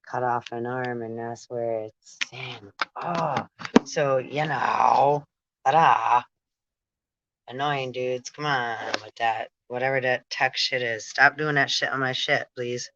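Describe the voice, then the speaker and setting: A woman's voice: rumbling low, fairly even intonation, slow pace, fairly bright tone, muffled recording. A woman reading aloud and commenting casually as she goes, stumbling over hard words and drifting into asides. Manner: reads aloud, stumbles on words, laughs and digresses. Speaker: spiritual channel host.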